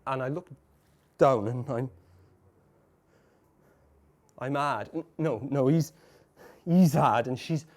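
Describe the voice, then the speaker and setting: An actor in a live stage monologue playing a tormented man who caught his wife cheating. He stammers, repeats broken phrases, and swings between hushed murmurs and shouts. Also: medium pitch, takes it slowly, pauses often, close to an everyday voice. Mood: haunted. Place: café bar stage before a live audience.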